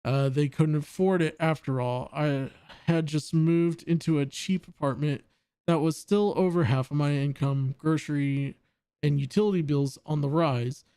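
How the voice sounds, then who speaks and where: Man, stream host, reading aloud and commenting, halting delivery, higher-pitched voice, dry close sound. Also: fairly even intonation, mellow, smooth, no room sound. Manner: halting, with frequent restarts. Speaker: livestream host.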